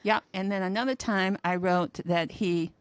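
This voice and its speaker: A woman's voice: medium pitch, steady tone, moderate pace, clear, resonant tone, no echo. A woman in her sixties, a podcast co-host and mother, telling stories in a rambling, hesitant way in casual chat.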